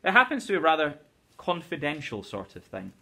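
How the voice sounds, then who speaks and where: A teacher putting on a smooth, eager wealthy gentleman from the 1920s, his voice lifted noticeably higher than plain speech. He fumbles and coaxes, circling around what he wants to say, as the novel is read aloud in class. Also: huge pitch swings, brisk, exaggerated voice. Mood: coaxing. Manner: hesitant, coaxing, says 'old sport'. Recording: teacher's recorded lesson video.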